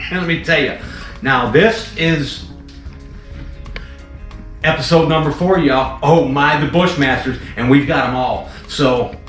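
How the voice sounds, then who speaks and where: A man's voice: fairly high pitch, fairly bright tone, echoey room. A man, rambling casually as he hosts a tour of his venomous snakes. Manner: chatty, rambling, frequent "um" and "let me tell you". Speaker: venomous snake keeper and channel host. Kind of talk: casual animal-room tour with commentary. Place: indoor snake room.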